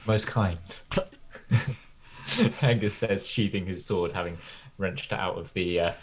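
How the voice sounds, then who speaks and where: A man in a tabletop game answering in character with a very deep, low voice and a dry, polite manner. A faint hiss sits under the sound. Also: slow. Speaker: player. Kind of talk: tabletop role-play.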